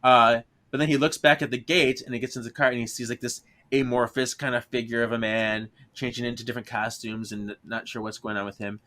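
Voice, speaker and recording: A man's voice: mid-range voice, flat delivery, brisk, hardly any pauses, sharp tone. A man co-hosting a podcast, casually retelling an episode's plot and laughing often as he goes. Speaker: podcast co-host.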